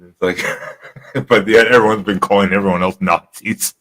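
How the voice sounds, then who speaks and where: A man hosts a late-night livestream and chats loosely, with rambling, profane stories broken up by laughs. His voice sits very low in pitch. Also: steady tone, normal speed, a bit bright, rough recording. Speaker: livestream host. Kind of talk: casual chat.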